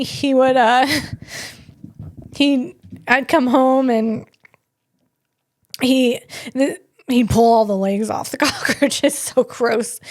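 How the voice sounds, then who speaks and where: Woman host, solo tech comedy podcast; unhurried, slightly high voice, rambling and self-deprecating. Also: no echo, clean studio sound. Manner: rambling, self-deprecating, tells personal stories. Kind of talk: casual solo podcast chat.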